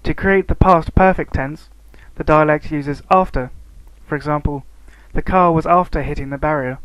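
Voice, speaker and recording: A man narrating a scripted lesson on language variation, reading steadily and slowing down to spell out example words. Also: a little high, fairly even intonation, a bit bright, clean tone, dry recording, poor audio. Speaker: student narrator.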